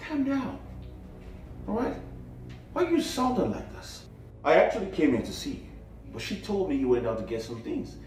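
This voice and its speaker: A man's voice: high voice, wildly swooping pitch, normal speed, long pauses. An actor playing an easygoing young man raised in the United States, laid-back and often exasperated. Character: young man back from abroad, easygoing, caught between women. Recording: echoey room, mic far off, soft music.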